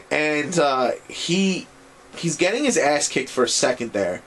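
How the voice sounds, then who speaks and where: A man recapping an anime series in a casual video review, rambling and excitable and swearing freely. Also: on the high side, a little slow, slight background noise.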